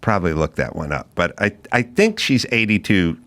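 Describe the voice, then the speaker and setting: A man's voice: deep voice, big pitch swings, normal speed, a bit bright. A man hosting a comedy podcast, riffing sarcastically in casual chat. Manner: riffing, sarcastic, repeats himself. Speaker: podcast host.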